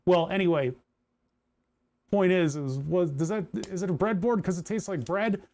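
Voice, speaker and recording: A man's voice: high-pitched, normal speed, warm tone. Chatty, rambling young man streaming. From United States. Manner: rambling and chatty, with restarts and asides to chat. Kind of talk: casual live-stream chat while soldering.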